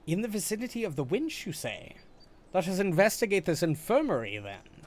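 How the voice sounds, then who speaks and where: A man's voice: sits high, big pitch swings, a little fast, a little mellow, pitched above the performer's own voice. A man putting on a posh, courtly young noble inventor. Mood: brisk. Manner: stilted archaic courtly phrasing.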